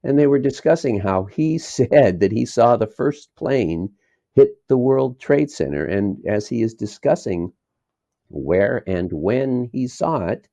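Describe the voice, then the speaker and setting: A man's voice: mid-range voice, animated, a little slow, gravelly, warm tone, no room sound. A man being interviewed as a documentary filmmaker, talking in a rambling, digressive way and chuckling between thoughts. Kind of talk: casual interview talk. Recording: dull lo-fi dry sound.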